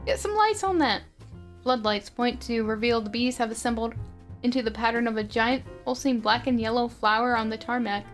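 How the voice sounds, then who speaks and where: A woman streamer reads the stage directions of a script aloud in a plain, steady way, stumbling over a word now and then. Her voice sits fairly high, with faint music playing underneath. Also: a little fast. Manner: plain narration with small slips. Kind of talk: reading a film script aloud.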